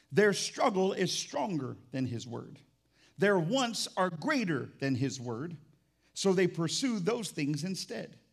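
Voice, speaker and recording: High, gravelly-voiced man preaching a sermon. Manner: animated, swings between quiet asides and loud emphatic lines; conversational, teasing the congregation. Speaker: pastor. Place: church.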